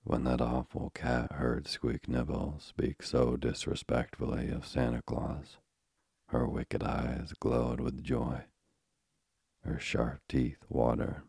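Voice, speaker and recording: A man reading a classic bedtime story aloud, in a slow, solemn, dramatic way. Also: extremely low pitch, creaky, a little mellow, slightly rough, no room sound, clean studio sound. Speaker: narrator.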